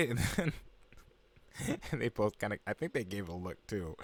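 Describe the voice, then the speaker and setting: A man's voice: on the low side, very animated, moderate pace, pauses often, a bit bright, no echo. A young man casually recapping an anime episode, rambling with lots of fillers and asides. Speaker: anime reviewer.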